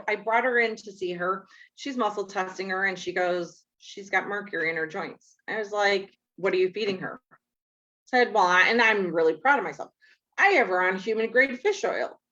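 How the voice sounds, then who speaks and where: A woman's voice: mid-range voice, fairly bright tone. A woman who works as a nurse, talking casually about diet and telling a story with acted-out dialogue. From Chicago area. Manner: chatty storytelling, acts out quoted dialogue. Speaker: nurse and natural health speaker. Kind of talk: casual talk. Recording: dull lo-fi sound.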